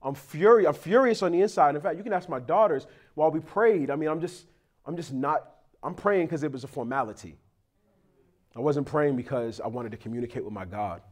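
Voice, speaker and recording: A man's voice: on the high side, brisk, a little mellow. A man, a pastor praying and then preaching in a conversational, confessional, storytelling way. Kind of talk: sermon with prayer.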